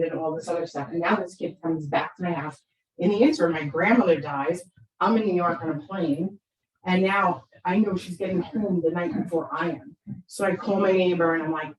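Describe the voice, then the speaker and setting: Brief: middle-aged woman speaker, lively storyteller, lowish voice, echoey room, distant mic. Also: a little fast. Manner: animated, conversational, tag questions. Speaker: parenting speaker. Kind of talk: storytelling talk.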